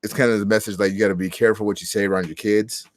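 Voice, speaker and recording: Low voiced guy recapping a movie with a buddy, dry close sound. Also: steady tone, very fast, no room sound. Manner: loose storytelling, acts out quotes. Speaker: podcast co-host. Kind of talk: casual movie review chat.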